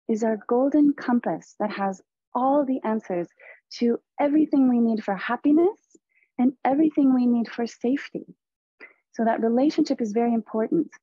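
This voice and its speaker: Husky, warm-toned woman lecturing slowly. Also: on the high side, no room sound. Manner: slow, deliberate, earnest teaching. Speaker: presenter on a teaching panel. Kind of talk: spiritual lecture to therapists. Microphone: video call. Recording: dull lo-fi video call audio.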